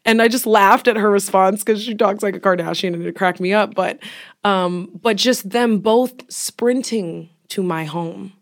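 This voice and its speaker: Her voice is mid-range and her pace measured as this young woman, a podcast co-host, recounts a personal story in casual talk. She often lowers herself to a near whisper.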